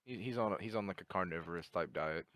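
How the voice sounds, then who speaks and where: A man's voice: sits low, fast, fairly bright tone, no echo. A man co-hosting a podcast in laid-back casual chat, joking and swearing casually. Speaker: podcast co-host.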